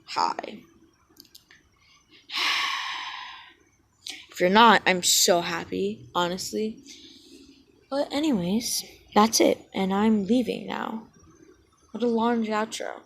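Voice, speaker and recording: This vlogger's voice is husky and gravelly, medium in pitch and slow. She owns the channel and talks into a cheap headset mic, rambling, poking fun at herself and drifting off-topic with lots of ums.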